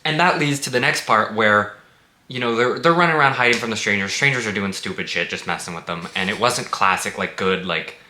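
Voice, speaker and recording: A man's voice: lowish voice, fairly quick, sharp tone, slight background noise. A man giving a casual spoken movie review, blunt and sarcastic, swearing freely. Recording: echoey room.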